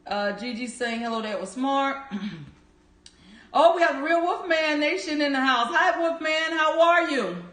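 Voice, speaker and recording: A woman's voice: sits high, a bit bright. A woman hosting a livestream, cheerfully greeting viewers by name and reading their chat comments aloud. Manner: upbeat, cheering. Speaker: livestream host. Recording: echoey room.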